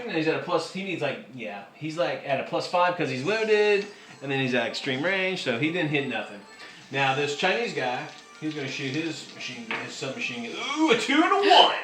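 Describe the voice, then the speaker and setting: A man running a tabletop wargame, casual and excitable, counting dice out loud. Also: medium pitch, noisy background. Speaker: game master. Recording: echoey room with music behind.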